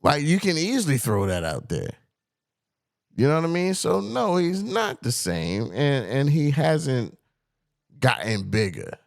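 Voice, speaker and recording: A man co-hosting a casual podcast, arguing animatedly and breaking into quick impressions of people he quotes. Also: a little high, gravelly, no echo, clean studio sound. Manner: animated, argumentative, quotes others in put-on voices. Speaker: podcast co-host. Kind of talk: casual debate chat.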